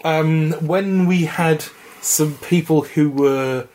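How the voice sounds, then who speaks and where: A man's voice: a little high, takes it slowly, darkish tone, slight background noise. A man co-hosting a casual podcast chat from home, talking loosely and laughing often as he goes. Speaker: podcast co-host. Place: flat at home.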